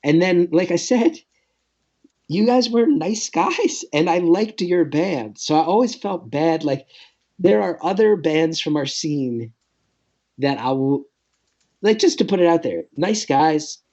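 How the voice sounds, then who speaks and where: A man's voice: a little high, expressive, unhurried, darkish tone, highs cut off. A man in his late thirties, a comedian guest telling a story in a rambling, nervous, self-deprecating way. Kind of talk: casual podcast storytelling.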